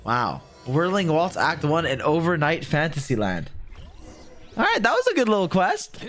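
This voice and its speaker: A man's voice: fairly high pitch, wildly swooping pitch, normal speed, fairly bright tone, soft background music. A man streaming a game, reacting casually and swearing while he plays. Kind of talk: casual live-stream commentary.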